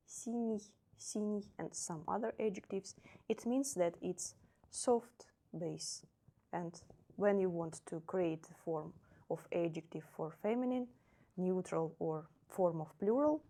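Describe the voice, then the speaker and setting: A woman's voice: lowish voice, dark tone. A woman teaching a language lesson, patiently explaining and repeating each example word twice, with a few self-corrections.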